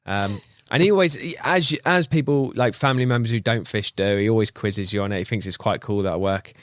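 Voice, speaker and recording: Bloke on a podcast telling a story, jumps way up in pitch when he quotes people, dry sound. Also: brisk, no room sound. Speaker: podcast co-host. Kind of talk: casual chat.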